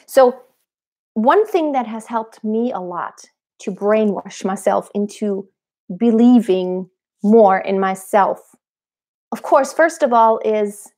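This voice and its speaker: A woman vocal coach on a live stream, giving direct, earnest motivational advice and speaking up loudly to her viewers. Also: medium pitch.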